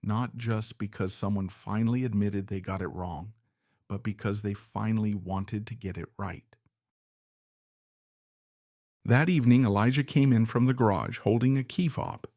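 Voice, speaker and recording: A man reading scripted story narration in a steady, reflective way. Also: fairly low pitch, moderate pace, dry recording, clean studio sound.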